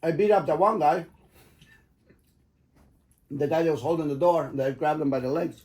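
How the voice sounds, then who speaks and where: A man's voice: fairly high pitch, normal speed, a little mellow. A middle-aged man casually telling his kids stories, rambling and swearing and laughing at his own tales. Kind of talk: casual storytelling.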